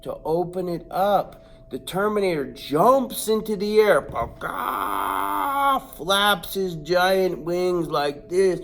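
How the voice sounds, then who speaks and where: A man with a high voice speaks slowly yet barely pauses while telling a funny personal anecdote. Animated throughout, he acts out the voices and noises and builds suspense.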